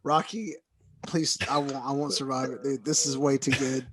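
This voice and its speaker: A man's voice: mid-range voice, fairly even intonation, normal speed, fairly bright tone. A man playing a tabletop game, joking and playful in casual chat. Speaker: player.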